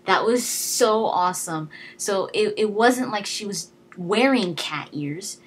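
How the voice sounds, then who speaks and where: A woman's voice: medium pitch, lively intonation, slow pace, few pauses, slight background noise. A young woman giving a casual, chatty movie review, enthusiastic and full of fillers and restarts. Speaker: video blogger.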